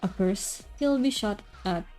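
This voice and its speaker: A woman voicing a cold, scheming male doctor in a visual novel, speaking calmly and formally. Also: mid-range voice, unhurried, soft background music, lightly acted. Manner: calm, formal, menacing.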